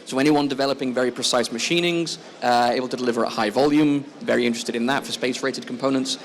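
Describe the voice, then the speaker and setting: A man answering interview questions on stage, using many fillers such as "kind of" and "you know". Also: mid-range voice. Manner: fast, flat delivery with fillers. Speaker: company founder being interviewed.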